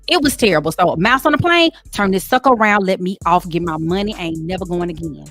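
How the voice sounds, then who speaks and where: Lady cohost, bright lively voice swinging up and down, dry close sound. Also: fairly low pitch, quick pace, few pauses, soft background music. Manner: animated, excitable storytelling. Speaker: co-host. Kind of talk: casual talk-show chat.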